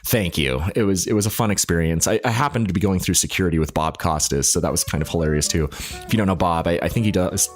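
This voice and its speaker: Chatty low-voiced podcast host. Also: male voice, quick pace, soft background music. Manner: chatty, self-deprecating. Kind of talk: casual storytelling recap.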